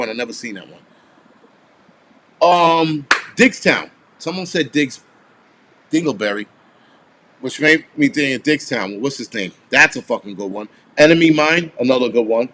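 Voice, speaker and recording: A man in his forties with a medium-pitched, slightly bright voice hosts a casual live stream, with a little hiss or hum audible. He swears and rambles while casually replying to viewers.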